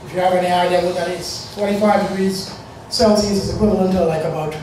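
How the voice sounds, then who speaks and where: A man in his forties from the Bahamas tells a personal story in a loose, conversational ramble. His voice sits high. He is captured from a distance in a very echoey room, with a faint hiss underneath. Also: fairly even intonation, fast talker, a little mellow. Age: 40s. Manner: rambling, conversational, with many fillers.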